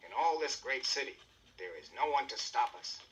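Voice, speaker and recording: A man's voice: medium pitch, big pitch swings, moderate pace, fairly bright tone, far from the mic, dull audio, a little hiss or hum, voice pushed up. A man voicing a boastful, jumpy thief sidekick on a storybook record, in a brash voice.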